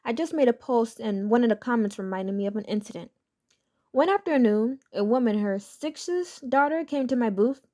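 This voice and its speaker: A woman with a fairly high voice narrates written stories in a steady, matter-of-fact read. Her delivery is scripted and even, and she keeps a plain storytelling tone throughout.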